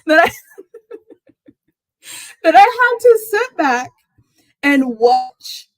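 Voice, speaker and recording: A woman's voice: high voice, extremely slow, dry recording, low-quality recording. A woman hosting a casual live sports chat, talking animatedly and laughing often as she tells a story. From Texas fan, not origin. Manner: animated, laughs often, exclaims in rising squeals. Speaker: sports talk livestream host.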